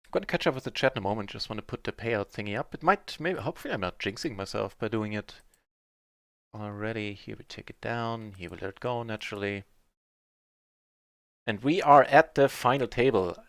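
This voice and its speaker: A man streaming live poker, chatting through his hands in a mutter that breaks into excited shouts on big wins. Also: on the low side, fast, gravelly, no echo, studio quality.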